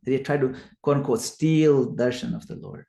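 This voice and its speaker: Male scripture teacher, mid pitch, lively storytelling, roomy sound. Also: moderate pace, creaky. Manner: animated retelling, acts out quoted lines loudly. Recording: echoey room.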